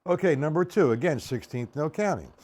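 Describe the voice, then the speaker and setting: A man's voice: a little high, lively intonation, a little fast, darkish tone. A man teaching a drum lesson, explaining patterns step by step and counting sixteenth notes aloud. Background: drum kit playing.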